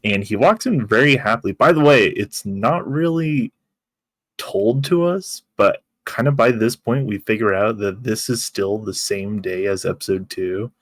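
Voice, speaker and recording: Guy on a podcast, lowish voice, dry close sound, laughs a lot while he talks. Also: measured pace, dry recording. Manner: laughs while talking, acts out quotes. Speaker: podcast co-host. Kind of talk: casual chat.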